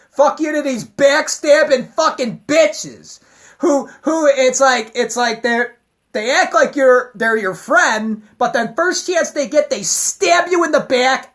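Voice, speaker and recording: A woman's voice: sits high, fairly bright tone. A woman giving a heated, profane, rambling rant to her camera. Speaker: vlogger.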